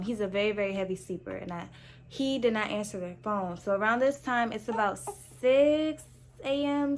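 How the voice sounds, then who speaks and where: A woman's voice: medium pitch, a little hiss or hum. A young woman casually telling her own story to her viewers, candid and chatty, with lots of "like" and "so I'm like". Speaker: vlogger.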